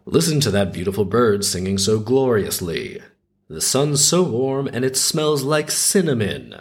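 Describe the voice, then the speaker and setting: A man's voice: medium pitch, very animated, measured pace. A man voicing a carefree, oblivious father who speaks cheerfully.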